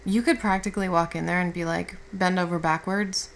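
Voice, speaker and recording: A woman playing a caring girlfriend who has just woken up, speaking softly and reassuringly with casual swearing in an audio role-play. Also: on the low side, steady tone, brisk, creaky, a little hiss or hum, low-quality recording. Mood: tender. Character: affectionate young woman, the listener's caring girlfriend.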